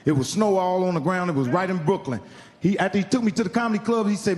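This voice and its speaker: Profane high-voiced man doing stand-up. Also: fast. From Indiana. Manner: profane, animated storytelling with acted-out quotes. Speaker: stand-up comedian. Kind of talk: stand-up storytelling. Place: comedy club stage. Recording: live club sound with hall reverb.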